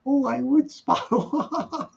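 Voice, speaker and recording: Gravelly high-voiced man chatting. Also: slow pace, highs cut off. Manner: chatty, laughs often, teasing. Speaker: live stream host reading chat. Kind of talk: casual late-night chat.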